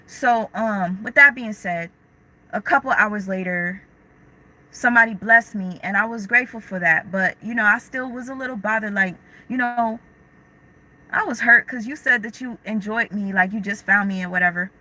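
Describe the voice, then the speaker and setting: A woman's voice: mid-range voice, moderate pace, pushed and bright, low-quality recording. A young woman hosting a casual livestream, talking candidly in slang and answering viewers' chat comments as they come in. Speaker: livestream host.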